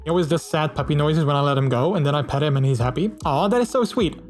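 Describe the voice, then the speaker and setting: A man's voice: on the high side, quick pace, faint music behind. A man streaming casually, reading out viewer messages and chatting in a friendly way, with many fillers and restarts.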